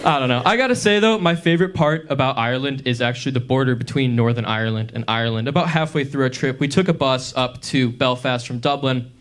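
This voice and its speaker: A young man in his twenties doing a stand-up comedy set on a club stage, telling stories with pauses before the punchlines. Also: mid-range voice, a bit bright.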